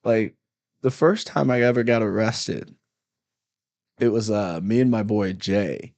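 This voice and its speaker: This male comedian, a guest in a relaxed conversation, tells a tale and voices its furious police officers at full volume. He speaks in a lowish register, a little slowly, with vocal fry, on a dry recording.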